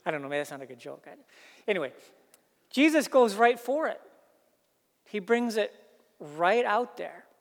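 A pastor preaching a sermon, earnest, building emphasis through repeated phrases. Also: male voice, sits high, very animated, normal speed, creaky, long pauses, in a large hall.

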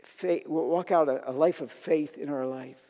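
A man's voice: a little high, steady tone, measured pace, dark tone, in a large hall. A man preaching a sermon as pastor, building to emphatic declarations.

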